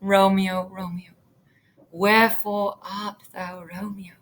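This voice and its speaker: A woman's voice: medium pitch, level tone, slow, lightly acted. A woman teacher reading the lines of a young lovestruck girl who pleads from a balcony, reciting the verse with rising emphasis. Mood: pleading.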